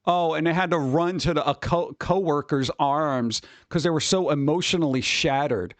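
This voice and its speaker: A man's voice: fairly high pitch, moderate pace, no echo. Profane, exasperated man ranting on stream. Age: adult who worked at a record store. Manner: profane, exasperated, mocking quoted voices. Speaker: streamer reacting to advice posts. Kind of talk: casual livestream rant.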